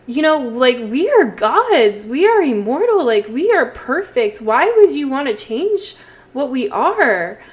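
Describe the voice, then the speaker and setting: A woman's voice: sits high, sing-song, measured pace. A woman voicing a proud, arrogant male vampire who speaks with indignant outrage. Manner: outraged, declaring.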